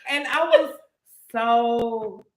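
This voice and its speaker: A young woman, a restaurant manager, telling a story in casual chat and acting out the quotes in an animated way. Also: a little high, very slow. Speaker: restaurant manager and podcast co-host. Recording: echoey room.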